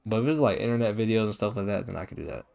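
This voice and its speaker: A man streaming a video game, giving casual commentary in a slangy, excitable way. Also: on the low side, racing, gravelly.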